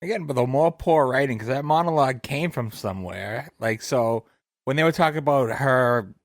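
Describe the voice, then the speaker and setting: A man with a middle-pitched voice, speaking in a casual podcast chat. He picks apart the show's writing in a critical, dry way, and he sounds close and dry on the mic. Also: moderate pace, no echo. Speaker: podcast co-host.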